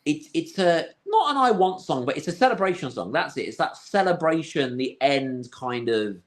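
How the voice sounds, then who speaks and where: A man's voice: fairly high pitch, sing-song, normal speed. A man co-hosting a casual film podcast, rambling with many restarts and a dry sense of humour. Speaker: podcast co-host.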